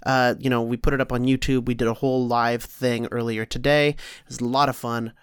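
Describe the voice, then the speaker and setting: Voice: medium pitch, flat delivery, brisk, clear, resonant tone, no room sound, studio quality. A podcast host talking in a laid-back, teasing way during casual comedic chat.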